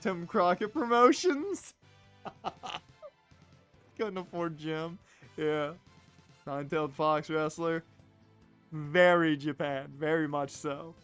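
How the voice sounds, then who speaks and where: A man's voice: fairly high pitch, takes it slowly, long pauses, fairly bright tone, clear, resonant tone, faint music behind. A man streaming a video game, making joking, sarcastic casual commentary. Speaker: let's play streamer.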